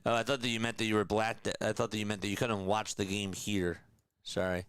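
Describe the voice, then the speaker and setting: A young man doing radio-style baseball play-by-play on a live stream, calling pitches and greeting viewers in the chat. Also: clear, resonant tone, dry recording. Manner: steady, measured game calls.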